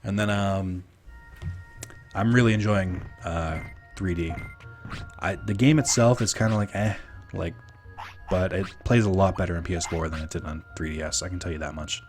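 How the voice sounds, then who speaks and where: A man's voice: low voice, normal speed, long pauses. A young man casually streaming a game, rambling to chat with lots of fillers. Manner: rambling, filler-heavy, relaxed. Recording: game music behind.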